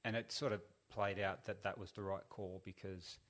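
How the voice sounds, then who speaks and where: A middle-aged man with a fairly low voice tells a story on a podcast. He rambles in a laid-back way, with plenty of ums and restarts. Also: flat delivery, normal speed, a bit bright. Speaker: podcast guest. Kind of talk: casual storytelling.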